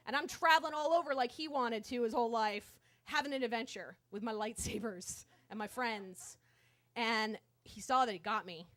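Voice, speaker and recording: A woman telling a comic story on stage, animated and profane, swinging from hushed to loud. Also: sits high. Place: stage at a live show.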